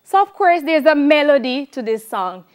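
A woman's voice: high voice, animated, moderate pace. A woman with a Jamaican accent teaching a televised music lesson, chanting syllables and counting out rhythms for students to clap along.

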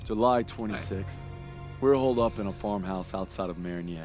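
An actor playing a young American infantry soldier with a Southern accent, narrating in a measured, journal-like way in a war game. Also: male voice, low voice, a little mellow, faint music behind, lightly acted. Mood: reflective. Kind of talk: scripted game voice acting.

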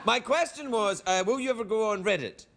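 A man's voice: high voice, fairly quick, vocal fry. A man with a Scottish accent hosting a late-night show, joking and reading viewer letters. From Scotland. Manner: playful, laughing often. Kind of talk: comedic banter, reading viewer mail. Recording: noisy TV studio recording.

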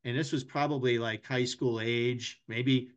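A middle-aged man, a hockey journalist guest on a podcast, chatting casually and telling long rambling anecdotes that turn loud and animated. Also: medium pitch, measured pace.

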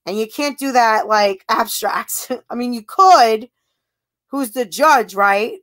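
A woman's voice: a little high, animated, slow pace, fairly bright tone. A woman chatting casually on a livestream, reading out viewer comments, giggly and laughing often, thanking viewers. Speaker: livestream host.

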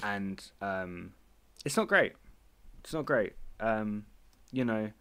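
A woman's voice: rumbling low, expressive, takes it slowly. A woman in her twenties co-hosting a comedy podcast, joking playfully and laughing often, on a voice-call mic. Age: 20s. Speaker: podcast co-host. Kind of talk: casual comedy chat. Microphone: computer mic on a voice call.

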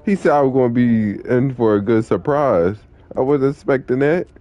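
A man's voice: mid-range voice, moderate pace, mellow, dry recording, lo-fi sound. A young man streaming an online game, chatting with viewers in a laid-back, slangy, profane way. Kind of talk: casual live-stream chat.

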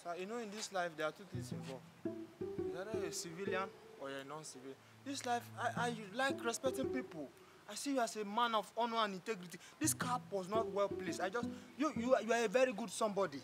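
Man playing a loud bullying Nigerian cop. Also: high-pitched, fast, music in the background, lightly acted. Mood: groveling. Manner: loud, bullying, repeats himself. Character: arrogant, blustering male police officer. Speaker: comedy skit actor.

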